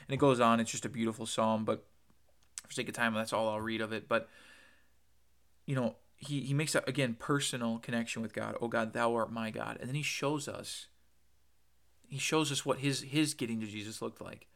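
A man's voice: mid-range voice, fairly even intonation, moderate pace, gravelly, a bit bright. A man delivering an earnest podcast sermon, quoting scripture and stressing his points with repetition. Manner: earnest, emphatic, quotes scripture, repeats words. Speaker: preacher.

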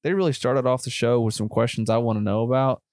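A man's voice: mid-range voice, quick pace, darkish tone, no echo, studio quality. A man with a country Southern US accent co-hosting a film podcast in easy, rambling casual chat. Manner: laid-back, rambling, says bro and man. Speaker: podcast co-host.

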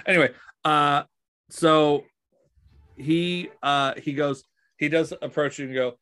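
A man's voice: fairly high pitch, smooth. Guy dm narrating the game, chill, lots of ums. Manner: relaxed, halting, many fillers. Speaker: dungeon master.

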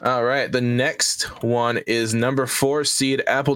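A man's voice: medium pitch, flat delivery, unhurried, a bit bright, clear, resonant tone. A man hosting a casual podcast, rambling a bit with lots of fillers and restarts. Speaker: podcast host. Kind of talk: casual chat.

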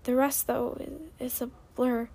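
Troubled young she-dragon, soft-spoken, near tears, read by a woman. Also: high voice, fairly even intonation, measured pace, breathy edge, exaggerated voice. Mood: hushed. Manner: soft, whispering.

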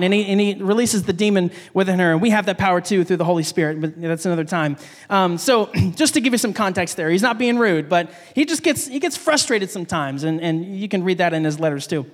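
A man's voice: sits high, lively intonation, fairly quick, long reverb tail. A man giving a casual sermon, with frequent fillers and restarts. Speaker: preacher.

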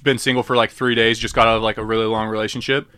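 Young man with a crisp, dry voice. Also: lowish voice, rapid-fire, dry recording. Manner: relaxed, many likes and dudes. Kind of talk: casual chat.

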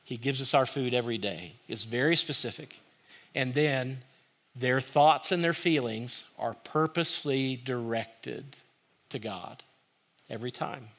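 A man delivers a sermon with a bright, forceful tone and a voice pitched in the middle range. He preaches earnestly but conversationally, leaning on repeated phrases to drive each point home. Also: unhurried. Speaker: pastor.

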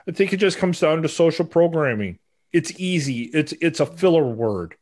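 A man's voice: fairly high pitch, animated, moderate pace, darkish tone. A man co-hosting a podcast, giving his opinions casually and thinking aloud as he goes. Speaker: podcast co-host. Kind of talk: casual chat.

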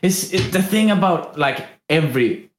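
A man's voice: on the high side, lively intonation, normal speed, a crowd in the background. Playful young Swedish man, echoey room. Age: young adult. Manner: playful, jokey, fond of bits. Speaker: podcast co-host. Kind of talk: casual chat. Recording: roomy echo.

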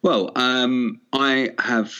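A man's voice: medium pitch, steady tone, extremely slow, sharp tone, dull audio, a little hiss or hum. A man chatting as co-host on a casual radio sports show, easily amused.

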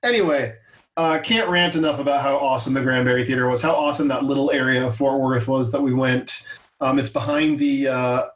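A man's voice: mid-range voice, steady tone, fairly quick, a bit bright, far from the mic. A man in his thirties co-hosting a podcast, talking casually and rambling with many fillers. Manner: rambling, chatty, hesitant with fillers. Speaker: podcast co-host. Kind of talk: casual chat. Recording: echoey room, a bit off-mic.

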